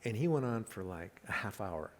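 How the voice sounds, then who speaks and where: On a live talk event stage, a middle-aged comedian guest tells stories in conversation, laughing at his own jokes and acting out quotes. His voice is on the low side and animated, with a moderate pace.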